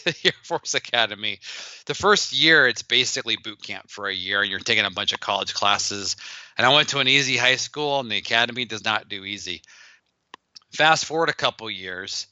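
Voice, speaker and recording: A man's voice: medium pitch, no room sound, highs cut off. A middle-aged man telling stories in an interview, acting out the dialogue he quotes. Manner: animated, acts out quoted dialogue. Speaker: guest, business founder. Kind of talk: storytelling in a podcast interview.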